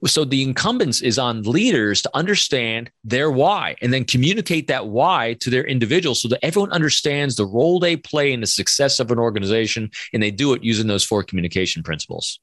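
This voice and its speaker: A man in his fifties, a podcast guest, telling animated stories and acting out quoted dialogue. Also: mid-range voice, fairly quick, hardly any pauses, dry recording, studio quality. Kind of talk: conversational storytelling interview.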